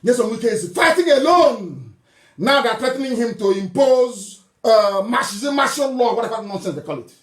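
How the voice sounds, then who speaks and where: A man's voice: extremely high pitch, animated, normal speed, fairly bright tone. A man from southeastern Nigeria, giving a fiery political broadcast, scolding and mocking his listeners with scornful laughs. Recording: roomy echo.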